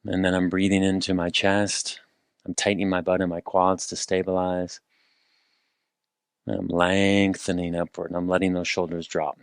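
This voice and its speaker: Man, exercise instructor, low voice, dry close sound, calm step-by-step cues, playful asides. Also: normal speed, gravelly, clean tone, no echo. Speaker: movement and rehab instructor.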